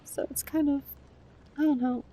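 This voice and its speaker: A woman streamer chatting casually with her viewers, soft-spoken and emotional, with frequent swearing. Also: sits high, fairly even intonation, moderate pace. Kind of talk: casual live-stream chat.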